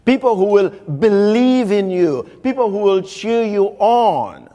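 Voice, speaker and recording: A man's voice: high-pitched, animated, slow pace, mellow. A middle-aged man from Haiti with a Haitian accent, delivering a motivational keynote speech. He tells stories, repeats phrases for emphasis and speaks straight to the audience. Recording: live recording in a reverberant hall.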